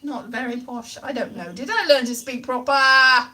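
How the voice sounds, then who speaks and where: A woman's voice: sits high, normal speed, sharp tone. A woman hosting a comic, rambling chat, playful and silly, slipping into put-on voices and nonsense sounds.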